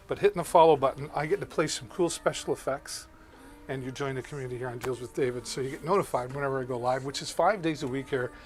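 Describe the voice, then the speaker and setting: A man hosting a live shopping stream, chatting casually and greeting viewers by name as he demos products. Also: mid-range voice. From Canada.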